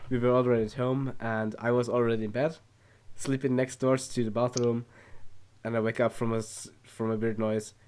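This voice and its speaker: A man's voice: medium pitch, flat delivery, moderate pace, a little mellow, a little hiss or hum. A man on a podcast chatting with friends, laughing and repeating words as he starts sentences. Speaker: podcast co-host. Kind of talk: casual podcast chat.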